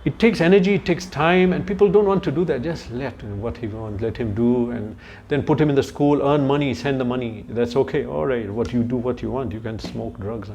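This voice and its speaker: A man's voice: medium pitch, a little fast, creaky, hardly any pauses, darkish tone, a little hiss or hum. A man giving a scripture lecture to a youth group in a chatty storytelling way, turning to his listeners with asides. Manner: searches for words mid-sentence. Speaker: spiritual lecturer.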